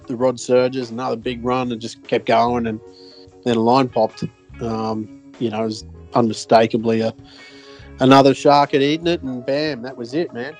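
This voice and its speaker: An Australian man co-hosting a podcast shares an animated, loosely told fishing yarn in casual chat. His voice sits at a middle pitch, and he rambles with plenty of fillers, restarts and easy swearing over faint, soft music.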